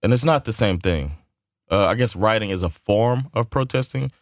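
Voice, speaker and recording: A man's voice: fairly low pitch, normal speed, dry recording, studio quality. A man co-hosting a podcast in casual chat, loose and rambling, laughing and swearing freely. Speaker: podcast co-host.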